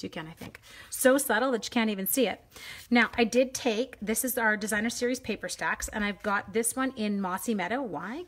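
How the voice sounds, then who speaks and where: A woman's voice: fairly high pitch, noisy background. A woman in her forties hosting a live craft tutorial from home, rambling and self-deprecating as she greets viewers mid-task. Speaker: stamping demonstrator hosting a live craft stream.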